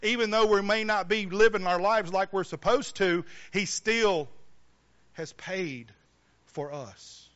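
A preacher with a high, ringing voice, preaching emphatically and throwing questions to his congregation. The recording sounds a little muffled and dull. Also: slow pace, a bit bright. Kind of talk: sermon.

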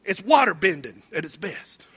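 A man preaching a sermon, animated and folksy, retelling scripture in casual slang. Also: high voice, normal speed, slightly rough, dull audio.

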